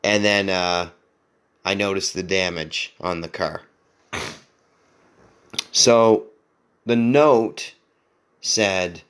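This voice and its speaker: A man's voice: low-pitched, extremely slow, pauses often, fairly bright tone, clean tone. A man hosting a podcast, telling a long story casually, with lots of swearing, restarts and laughter. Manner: rambling, profane, self-mocking, laughs often. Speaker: podcast host.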